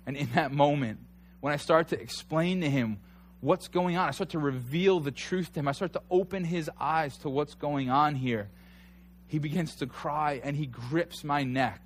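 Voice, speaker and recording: A man in his thirties preaching in a loose, conversational way, his voice sitting a little high for a man. He tells stories with animated energy and climbs to near shouts when he gets into them. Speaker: pastor. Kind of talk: sermon.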